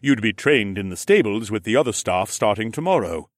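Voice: a man playing a shrewd, generous horned lord in a storybook reading. He talks in a lowish, lively voice, measured and commanding. The sound is dry and close. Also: no room sound, lightly acted. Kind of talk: audiobook character voice.

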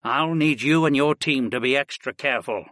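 A man's voice: medium pitch, normal speed, fairly bright tone, dry recording, clean studio sound, natural voice. A man doing a cautious older headmaster mage. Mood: concerned. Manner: earnest warning tone.

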